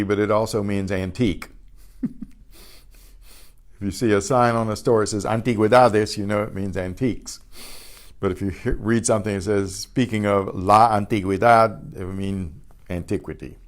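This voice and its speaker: An older man teaching a beginners' Spanish class, patiently sounding out each word twice and explaining pronunciation in a relaxed way. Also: on the low side. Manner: patient, repeats each word slowly, trailing off quietly after explanations. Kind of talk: slow pronunciation lesson with repetition.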